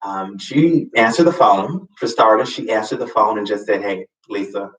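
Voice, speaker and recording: A man hosting a live show, telling a personal story in a casual, expressive way with sassy asides and sudden high swoops for emphasis. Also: normal speed. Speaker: host. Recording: roomy, slightly distant mic.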